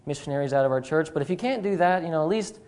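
A man's voice: a little high, expressive, very fast, a little mellow, clean tone. Man, young adult, guest preacher, casual and joking, church service. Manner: chatty, self-deprecating humor with frequent fillers. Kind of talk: sermon. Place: church sanctuary.

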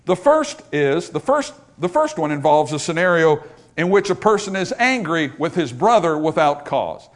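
A man preaching a sermon as a pastor at a church service, animated and full of joking asides. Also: fairly high pitch, moderate pace.

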